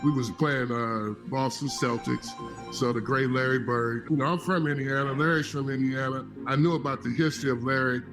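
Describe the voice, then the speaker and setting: A man's voice: mid-range voice, fairly even intonation, moderate pace. Man recounting a story over music.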